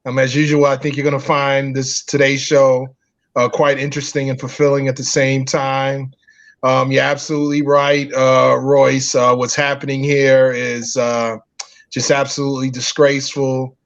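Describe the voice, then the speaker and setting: Gravelly guy hosting a political chat show, pretty monotone, lots of ums, muffled lo-fi sound. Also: mid-range voice. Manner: measured, many filler pauses. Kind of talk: casual political talk. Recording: dull lo-fi audio.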